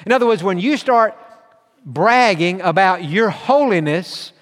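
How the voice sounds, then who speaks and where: High-voiced preacher man in a reverberant hall. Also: lively intonation, a little slow, a bit bright. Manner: earnest preaching, reads scripture aloud, rising emphasis. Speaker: pastor. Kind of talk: sermon.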